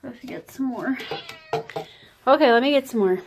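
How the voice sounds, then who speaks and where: A woman chatting casually through a home vlog, talking to her pets in a high baby voice now and then. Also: moderate pace, slight background noise. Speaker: vlogger. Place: house, indoors.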